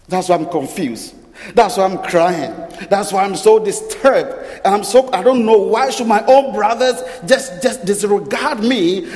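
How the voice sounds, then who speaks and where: Upset young guy pleading, a preacher doing the voice, high voice, echoey hall. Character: distressed young man thrown out of church. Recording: long reverb of a large hall.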